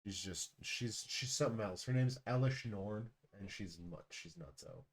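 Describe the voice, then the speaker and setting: A man chatting casually on a live stream, joking and rambling, with quiet mumbled asides between loud outbursts. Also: fairly low pitch, normal speed.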